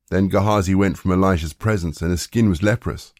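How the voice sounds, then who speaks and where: A man with a fairly low voice reads a scripture story aloud at a steady, even pace. The recording is dry and close, with no echo. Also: brisk, hardly any pauses. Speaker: scripture reader. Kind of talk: scripted narration of a Bible story.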